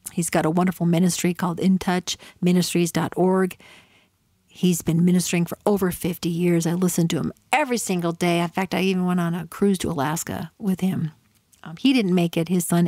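A middle-aged woman hosts a faith-based talk show with a fairly low voice. She speaks earnestly and conversationally and stops now and then to reflect. The recording is dry and close, with no room sound. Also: no room sound. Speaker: podcast host.

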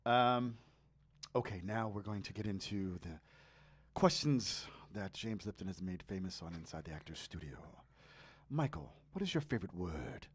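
A man with a New Jersey accent hosting a casual podcast interview, relaxed and quick to laugh. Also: low voice, breathy edge. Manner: laid-back, laughs easily, slangy. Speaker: podcast host.

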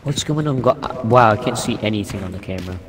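A man's voice: on the low side, expressive, fast talker, noisy background. Playful gamer man in a reverberant space. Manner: playful, mock-presenter banter, shouts when startled. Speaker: guest gamer. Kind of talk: casual gaming chat with a friend.

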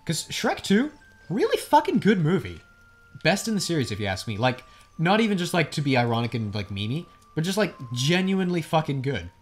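A tired young man co-hosting a video game playthrough, rambling from one topic to the next and swearing freely. His pitch jumps around a lot as he talks. Faint game music plays underneath. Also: a little fast. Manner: rambling, profane, animated. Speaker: let's play co-host. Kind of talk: casual gaming chat.

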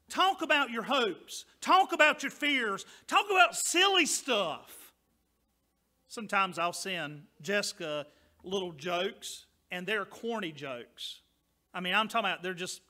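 A male pastor delivers a sermon in a high, very bright voice. He preaches loud and emphatic, stressing his points, then drops to softer asides to the congregation. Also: big pitch swings, takes it slowly.

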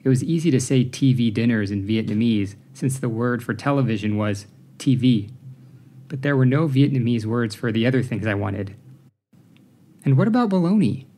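A man reading an audiobook, narrating in a measured, even way. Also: medium pitch. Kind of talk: scripted narration.

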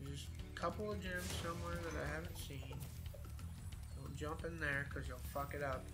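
A man's voice: on the high side, steady tone, moderate pace, loud music behind the voice. A man in his twenties casually commenting on a game he plays, swearing and rambling freely. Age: 20s. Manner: profane, rambling, chatty. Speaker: gameplay commentator. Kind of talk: casual let's-play commentary.

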